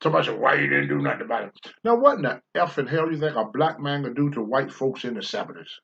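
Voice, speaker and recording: A man's voice: mid-range voice, very animated, quick pace, vocal fry, fairly bright tone. An older man, a former pro wrestler, speaking bluntly and with profanity as a talk-show guest. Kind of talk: candid talk-show storytelling. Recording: dull lo-fi sound.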